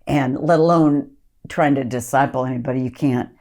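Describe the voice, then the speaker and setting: A woman's voice: very deep voice, fairly even intonation, moderate pace, darkish tone. A woman ministry leader giving an earnest podcast teaching talk, reading scripture aloud and coaching listeners.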